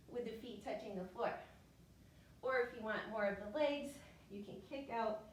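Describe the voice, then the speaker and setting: A woman leading a yoga class, giving calm step-by-step cues on each breath, a little out of breath. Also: a little high, a little hiss or hum. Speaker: yoga teacher. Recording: echoey room, mic far off.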